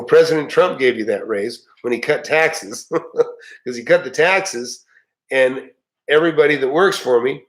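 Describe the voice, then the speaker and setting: A man's voice: medium pitch, low-quality recording. Middle-aged male live-stream host, loose folksy delivery, lots of uh and restarts. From United States. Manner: rambling, folksy, many fillers and restarts. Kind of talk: casual live chat.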